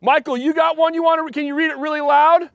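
A pastor with a very high voice gives a relaxed, joking sermon and chats with his congregation. The sound is dry and close, with no room echo. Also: fast, highs cut off. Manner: chatty, joking, talks to the congregation. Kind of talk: casual sermon. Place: church.

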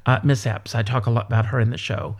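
A man from South Carolina talks as a guest on a chat show. He tells long, rambling stories with lots of energy. His voice sits at an everyday, mid-range pitch. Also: fast, creaky. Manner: animated, rambling storyteller. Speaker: stage performer and guest. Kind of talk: casual interview chat.

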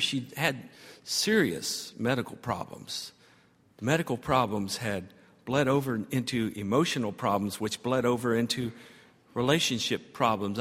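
A man preaching a sermon as pastor, telling a story and building to emphatic, repeated phrases. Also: mid-range voice. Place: church sanctuary. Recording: long church reverb.

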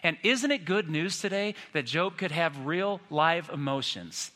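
A man's voice: on the high side, animated, a little slow, sharp tone, long reverb tail. A man in his fifties preaching a sermon, telling stories with self-deprecating humor. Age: 50s. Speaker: pastor.

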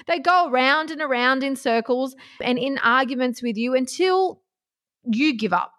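Blunt, swearing woman giving dating advice. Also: a little high. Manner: blunt, swears freely, passionate. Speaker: relationship advice host. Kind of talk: casual advice monologue.

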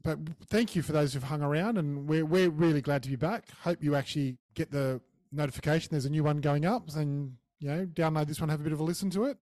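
Matter-of-fact Australian podcast co-host. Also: male voice, a little high, fast, darkish tone, no room sound. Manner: brief, agreeable, matter-of-fact. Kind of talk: casual sports chat.

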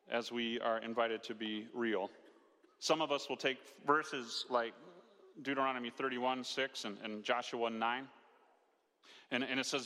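Preaching in a hall with long reverb, the man speaks in a bright, mid-range voice with a forceful edge. His sermon stays conversational, full of rhetorical questions and acted-out quotes.

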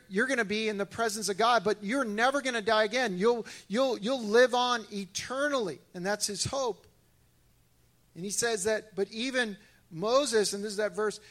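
A man with a rather high voice preaches to his congregation. He talks loosely and conversationally, restarting sentences as he goes. His delivery swings between animated pushes and quieter moments. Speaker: pastor. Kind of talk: sermon.

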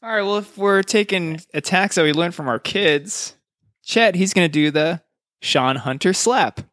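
A man's voice: sits high, moderate pace, fairly bright tone, no room sound. A man co-hosts a casual podcast, calling out dice rolls with loose, profane banter. His voice sits a little above the usual male range. The recording is dry and close, with no room sound. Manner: loose, swearing, jokey banter. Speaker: podcast co-host. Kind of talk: casual chat narrating a dice battle.

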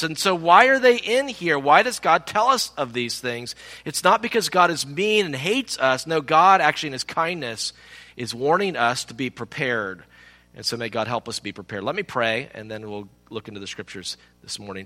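A man preaching a sermon as pastor, telling a personal story in an animated way and acting out the people in it. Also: fairly high pitch, normal speed. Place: church sanctuary. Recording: long reverb of a large hall.

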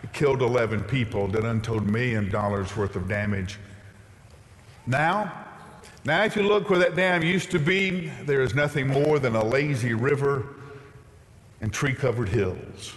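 A man's voice: medium pitch, unhurried. A male pastor preaching a sermon in a church, reading scripture aloud with rising emphasis. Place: church sanctuary. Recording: long reverb in a large hall.

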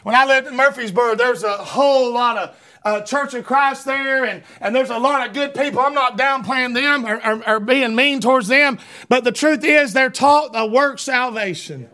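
A man preaching a fervent sermon, often shouting and stumbling over repeated words. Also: very high-pitched, moderate pace.

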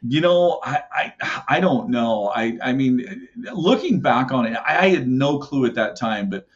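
A man's voice: medium pitch, animated, a little slow. A middle-aged man telling hunting stories in a casual, rambling way, with many fillers and acted-out quotes. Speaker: podcast guest, elk call maker. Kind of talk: casual storytelling. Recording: muffled lo-fi audio.

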